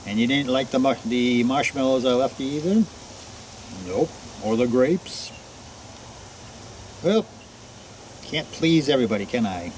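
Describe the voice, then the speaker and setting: A man vlogging outdoors in a forest, greeting unseen listeners one by one and answering for them in a quieter voice. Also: medium pitch, slight background noise. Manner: greets each name, then answers himself in a quieter voice. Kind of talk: casual talk to unseen listeners.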